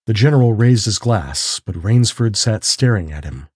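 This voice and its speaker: A man narrating a calm bedtime mystery story and leading a guided breathing exercise, in a slow, soothing, measured voice. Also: fairly low pitch, husky, dry recording, clean studio sound.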